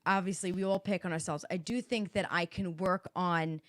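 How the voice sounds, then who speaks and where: A mother co-hosting a podcast in casual chat, telling stories with animation, acting out what she said loudly and swearing freely. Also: lowish voice, steady tone, moderate pace, no echo, clean studio sound. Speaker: podcast co-host. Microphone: podcast mic.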